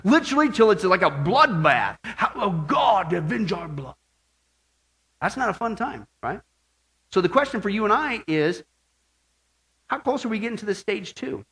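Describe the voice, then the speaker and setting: A man's voice: sits high, big pitch swings, normal speed, a bit bright. A man preaching a sermon, emphatic and full of rhetorical questions to his listeners. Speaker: pastor.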